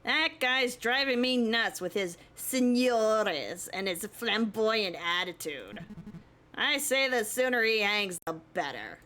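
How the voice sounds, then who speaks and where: A woman doing a bright, mouthy prison guard. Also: fairly high pitch, animated, takes it slowly, faint music behind, heavily acted. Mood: mocking. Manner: casual and mocking. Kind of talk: reading a visual novel aloud.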